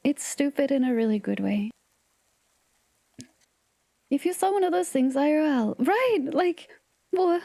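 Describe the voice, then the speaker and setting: High, chatty woman streamer with a mellow voice. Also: unhurried, vocal fry, long pauses, no room sound. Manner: chatty, giggly, animated and playful. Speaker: livestream host. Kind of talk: casual livestream chat.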